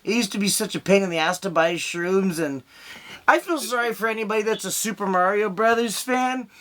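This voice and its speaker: A man's voice: high-pitched, brisk, bright, forceful tone. A young man doing a stand-up set over a video call, rambling through crude stories. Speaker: stand-up comedian.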